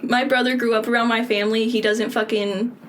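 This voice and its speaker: A woman's voice: fairly high pitch, level tone, a little fast, slight background noise. A young woman from Southern California co-hosting a podcast, giggly and profane in casual chat. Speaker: podcast co-host.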